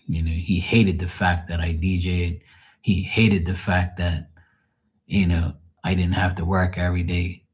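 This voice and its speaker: Deep-voiced man telling blunt stories. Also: little pitch movement, a little slow. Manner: blunt, swearing storyteller; greets viewers by name. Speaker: live tarot stream host. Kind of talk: casual livestream chat.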